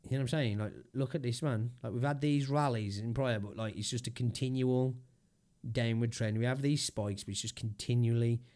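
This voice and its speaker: A young streamer with a steady, darkish, mid-range voice delivers a brisk, casual rant on a livestream. He curses constantly and rambles with fillers, his throat slightly sore.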